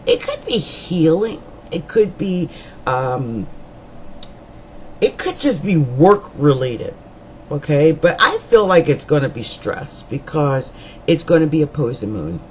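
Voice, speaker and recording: A woman reads a monthly horoscope in an informal, rambling way, dropping jokes and asides as she goes. Her pitch swings widely from phrase to phrase, and she repeats key lines for emphasis. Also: sing-song, slow pace, darkish tone, a little hiss or hum, low-quality recording. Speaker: astrologer. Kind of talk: monthly horoscope reading to camera.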